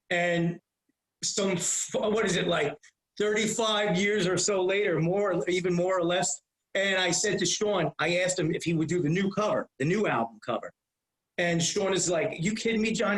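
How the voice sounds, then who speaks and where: Middle-aged male podcast guest, high-pitched, lively storyteller, roomy echo. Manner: animated, profane, repeats himself. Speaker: guest, comedian. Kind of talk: casual storytelling.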